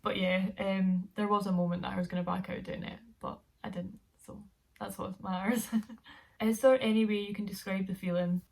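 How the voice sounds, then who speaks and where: A woman's voice: medium pitch, steady tone, moderate pace, vocal fry, a little mellow. A young woman, telling a story to camera in a chatty, rambling way with frequent laughs. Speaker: vlogger.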